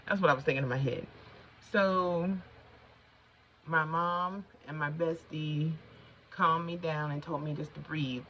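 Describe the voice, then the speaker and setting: A woman's voice: fairly low pitch, a little hiss or hum. A middle-aged woman chatting casually to her viewers while doing her makeup, rambling and easily sidetracked as she tells a story. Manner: chatty, colloquial, addresses viewers as y'all. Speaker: vlogger. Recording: slightly dull lo-fi sound.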